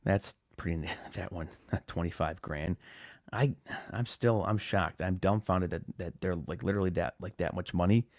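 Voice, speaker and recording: A man's voice: low voice, normal speed, a little mellow, dry recording, clean studio sound. A man hosting a lawn care podcast live, chatting casually and rambling with restarts and fillers. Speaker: podcast host. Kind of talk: casual live-stream chat.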